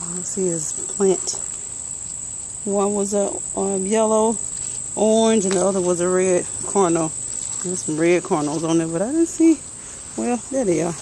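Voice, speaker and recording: A woman's voice: mid-range voice, a little slow, mellow, slight background noise, rough recording. Breathless woman touring her garden. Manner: chatty, muttering plant names to herself. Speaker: gardening vlogger. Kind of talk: casual garden walkthrough. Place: outdoor vegetable garden.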